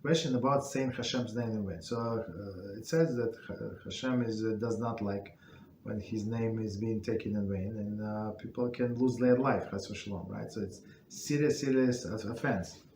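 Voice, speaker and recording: A man teaching an informal religious class, speaking in halting English with many fillers and restarts. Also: fairly low pitch, a little mellow. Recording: echoey room with faint noise.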